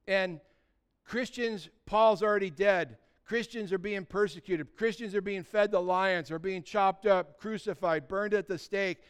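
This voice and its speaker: A man's voice: high voice, unhurried, clean tone. A male pastor preaching a sermon, emphatic and storytelling, building his points through repeated phrases.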